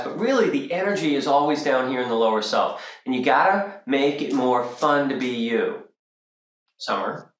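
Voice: mid-range voice, lively intonation, moderate pace, echoey room, poor audio. A spiritual workshop teacher talking casually to a group, acting out quoted voices and laughing along.

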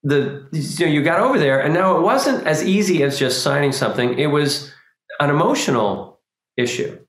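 A man giving an informal spiritual talk, animated and acting out small quoted scenes as he explains. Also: on the high side, normal speed. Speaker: spiritual teacher. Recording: roomy echo.

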